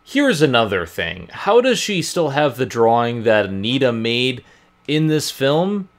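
A man's voice: mid-range voice, big pitch swings, measured pace. A man hosting a podcast, chatting casually about a film with wry, joking asides. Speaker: podcast host.

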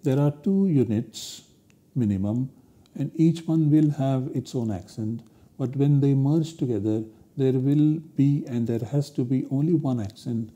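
Male lecturer, very dark mellow tone, methodical and explanatory delivery. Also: medium pitch, a little slow. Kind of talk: university lecture on grammar.

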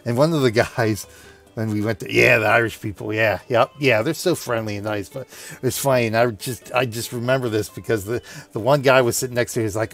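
A man in his forties rambles through a fond story while he plays, laughing often and restarting his sentences. His voice sits at an ordinary middle pitch. Soft game music hums underneath. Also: steady tone, fairly quick. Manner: chatty, laughing, many restarts. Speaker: gaming video host. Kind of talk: rambling anecdote over gameplay.

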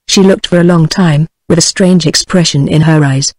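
A text-to-speech voice of a woman with a British English accent, reading a novel aloud with an even, synthetic cadence. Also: sits low, moderate pace, few pauses. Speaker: audiobook narrator.

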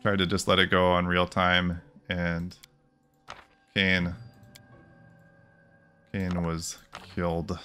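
Low voiced guy thinking out loud over a game, bright edge to it. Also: slow pace, pauses often, soft background music. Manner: thinking aloud, relaxed. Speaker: let's play host. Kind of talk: casual gameplay commentary.

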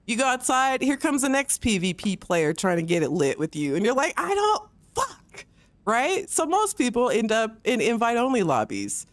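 Woman game streamer, heated profane rant, fairly high voice, dry close sound. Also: sing-song, normal speed, few pauses, dry recording. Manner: heated, profane, mocks others in put-on voices. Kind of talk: livestream rant while gaming.

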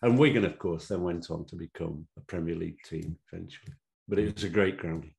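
A man's voice: low-pitched, quick pace, creaky, a little mellow. A man, telling his own stories as an interview guest, rambling with fillers and chuckling often. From Sheffield, England. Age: 70s. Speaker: interview guest, former referee. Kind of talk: anecdotal interview storytelling.

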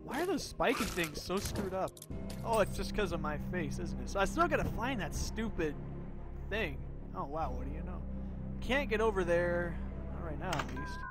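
High-voiced goofy young man gaming. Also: animated, moderate pace. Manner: goofy, rambling, talks to the game. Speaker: gaming video host. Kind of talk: let's play commentary. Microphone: desk microphone. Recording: music playing under the voice.

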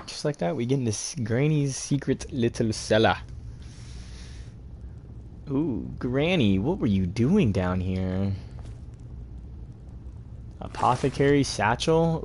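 A man's voice: lowish voice, gravelly, a little mellow, slight background noise. A young man giving laid-back, chatty gameplay commentary and talking to his viewers. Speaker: gaming host.

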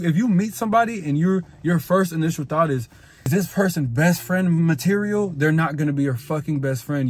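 A man's voice: mid-range voice, darkish tone, slightly rough. A young man giving blunt, profane, slangy advice on making friends in a casual vlog monologue. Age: young adult. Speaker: self-improvement vlogger.

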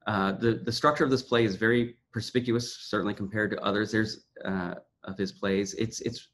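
A man leading a literature seminar over a video call. He gives an introductory lecture in a halting way, with frequent restarts and repeated words. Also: fairly low pitch, slight background noise. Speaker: seminar leader.

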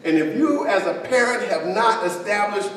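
A pastor preaching a sermon in a conversational way, with joking asides to the congregation. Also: male voice, high voice, moderate pace, fairly bright tone. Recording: echoey hall, distant mic, faint hiss.

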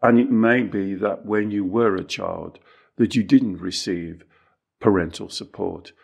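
A man talks through self-help ideas with real emphasis, often slipping into the voices of scared children and harsh inner critics. His voice sits at an ordinary pitch with a gravelly, creaky edge. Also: measured pace, a little mellow. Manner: emphatic, acts out inner voices, repeats himself. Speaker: teacher and podcast co-host. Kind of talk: animated self-help talk.

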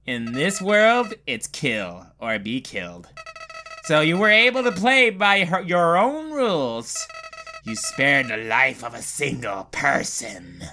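Game villain: a sly, cruel male flower voiced by a man, lower and quieter than the player's own voice. He drawls out slow, mocking taunts. Faint game music plays behind. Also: full character voice.

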